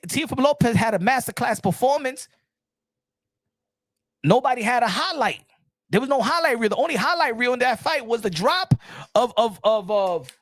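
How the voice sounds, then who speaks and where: A man giving casual boxing commentary, animated, repeating himself and firing off rhetorical questions. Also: very high-pitched, no echo. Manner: animated and repetitive, many restarts and rhetorical questions.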